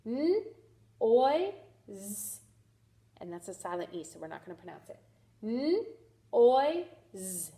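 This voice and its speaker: A woman teaches phonics to young children, slowly sounding out each letter of a word. Her fairly high voice swings up and down a lot, and she praises often. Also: big pitch swings, warm tone. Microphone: recorded to camera for a video lesson.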